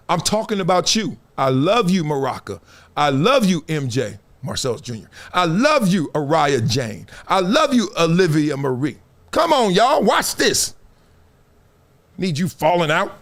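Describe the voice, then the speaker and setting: A man's voice: on the high side, big pitch swings, a little slow. A middle-aged man hosting a live-streamed sports talk show, preaching in loose slang with a lot of animation. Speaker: show host.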